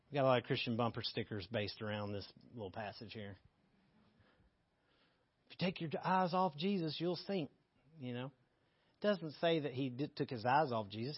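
A man's voice: medium pitch, husky, no room sound, muffled recording. A man teaching a Bible passage in a casual, candid way, joking as he reads and explains scripture. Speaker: preacher.

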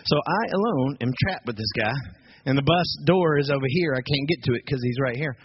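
A man's voice: medium pitch, a little fast, lo-fi sound, a little hiss or hum. Man telling a story, lots of fillers. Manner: lively, full of fillers and acted-out quotes. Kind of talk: animated personal storytelling.

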